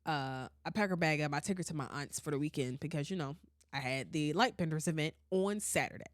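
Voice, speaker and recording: A woman hosting a podcast, telling a story in casual chat, animated and often laughing and swearing. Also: deep voice, a little fast, no room sound, clean studio sound. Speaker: podcast host.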